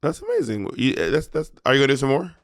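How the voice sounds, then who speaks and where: A man with an Atlanta Southern accent co-hosting a podcast, sassy and theatrical in quick banter. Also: mid-range voice, huge pitch swings, no room sound, studio quality. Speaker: podcast co-host.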